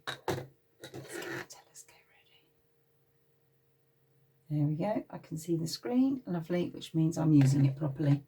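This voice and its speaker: A woman's voice: low-pitched, distant mic. A woman reading a picture book aloud to small children at playgroup, with an English accent, stopping often to chat and get them to join in. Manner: lively, expressive, pauses to talk to the children. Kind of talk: read-aloud storytime for young children.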